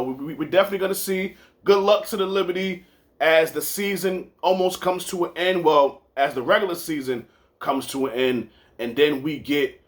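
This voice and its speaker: New guy hosting a sports podcast, voice sits a bit high, rambles and repeats himself, swears casually. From New York. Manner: loose storytelling with repeats and swearing. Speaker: podcast host.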